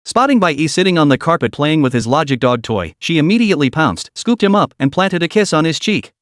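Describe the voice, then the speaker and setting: A man narrating an audiobook story in an animated reading style. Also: a little high, brisk, no room sound, studio quality.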